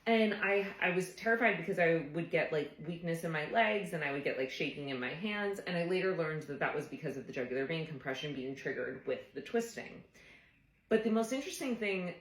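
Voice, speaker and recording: Low-voiced woman telling a personal story. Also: lively intonation, a little fast, reverberant, rough recording. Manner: earnest, reflective, frequent "like" fillers. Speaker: therapist. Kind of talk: casual personal storytelling to camera.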